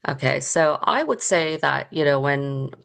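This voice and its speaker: A woman's voice: deep voice, lively intonation, unhurried, gravelly. A woman who works as union staff, a guest on a podcast interview, explaining things thoughtfully with some hesitations.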